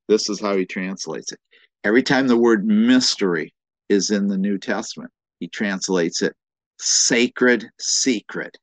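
A man preaching a sermon-style Bible lesson, explaining slowly and emphatically, often stammering and repeating words as he thinks. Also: fairly low pitch, no room sound. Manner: explanatory, emphatic on key phrases. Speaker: pastor.

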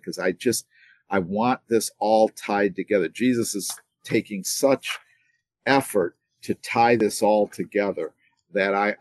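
A man's voice: sits low, no room sound. A man teaching the Bible casually on a livestream from home. He rambles and restarts, repeating words as he thinks, and grows emphatic on key points. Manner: digressive, halting, repeats words while thinking.

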